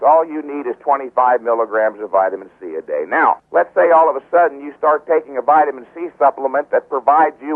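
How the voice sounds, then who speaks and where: A man from the United States, a bodybuilding trainer and radio guest, explaining his ideas in an emphatic, lecturing way, repeating key words for stress, with blunt teasing. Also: medium pitch. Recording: tinny, dry phone-line radio audio.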